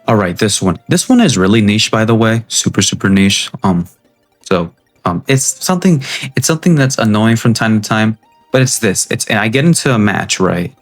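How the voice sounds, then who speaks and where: A young man with a low voice rants about gaming in a blunt, cursing, rambling way. He keeps checking in with "right?" as he goes, talking straight to his viewers. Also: lively intonation, normal speed, faint music behind. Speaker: gaming video creator. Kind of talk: casual gaming rant.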